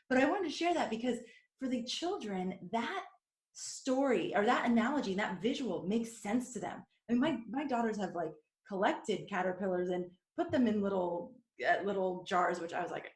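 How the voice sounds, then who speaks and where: A woman's voice: mid-range voice, expressive, normal speed. A woman hosting a podcast, chatting earnestly and sharing family stories. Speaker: podcast host. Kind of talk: casual podcast conversation. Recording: roomy echo.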